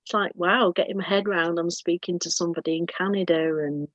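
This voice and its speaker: A woman with a British accent hosting a casual group chat, chatty and quick to laugh. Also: on the low side, dry recording. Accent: British English. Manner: chatty, laughs often, lively asides. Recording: dull lo-fi dry sound.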